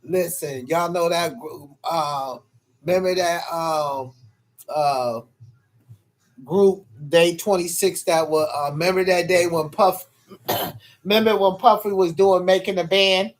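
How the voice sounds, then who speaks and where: A man's voice: a little high, slow pace. A man from New York chatting casually on a livestream. He rambles and swears, with lots of hesitations, and often calls out to his viewers. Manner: rambling and profane, full of hesitations.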